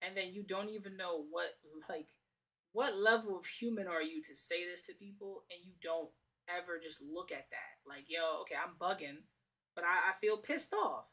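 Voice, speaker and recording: A woman's voice: fairly low pitch, moderate pace, bright, forceful tone. A woman from the Bronx, hosting a casual reaction stream, talking in a heated, slangy, profane way and repeating her phrases. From The Bronx, New York. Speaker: streamer host.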